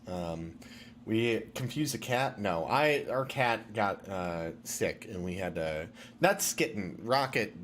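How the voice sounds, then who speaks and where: A man's voice: sits low, slight background noise. A man chatting casually as game master on a tabletop game stream, telling rambling anecdotes.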